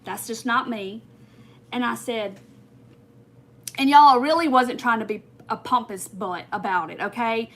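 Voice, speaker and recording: A woman's voice: a little high, unhurried, long pauses. A woman chatting on a crafting livestream, rambling through a story and talking straight to her viewers while she works. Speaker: crafting channel host.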